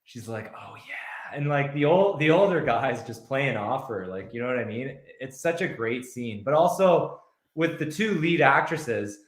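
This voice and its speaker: A man's voice: mid-range voice, expressive, moderate pace. Enthusiastic man in an echoey room. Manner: enthusiastic, acts out scenes. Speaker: podcast guest. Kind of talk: casual film chat.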